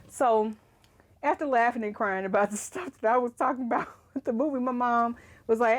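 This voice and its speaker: Animated young woman ranting casually. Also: a little high, fairly quick. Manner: animated, ranting, laughs often. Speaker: writing vlogger. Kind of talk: casual chat to camera.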